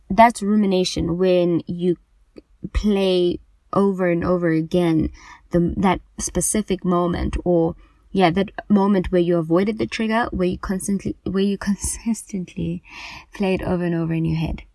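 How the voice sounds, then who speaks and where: A woman's voice: on the low side, fairly even intonation, normal speed, mellow, no echo. A woman podcast host speaking earnestly and emphatically about anxiety in a personal monologue, often repeating herself for stress.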